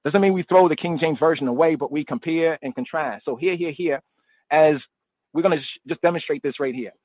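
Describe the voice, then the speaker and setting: This Bible study teacher from the US speaks a little fast in a voice on the high side, wandering through his scripture lesson on a live stream, repeating himself and dropping in street slang. There's no room sound; the line is dry, tinny, and phone-like.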